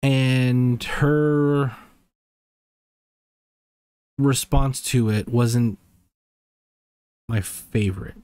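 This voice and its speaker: A man with a mid-range voice co-hosts a podcast, speaking in an easygoing, meandering way that is full of pauses and restarts. The recording is dry and close, with no room sound. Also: mid-range voice, fairly even intonation, a little mellow, smooth, dry recording. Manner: laid-back, rambling, drawn-out phrasing with hesitations. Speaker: podcast co-host. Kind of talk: casual chat.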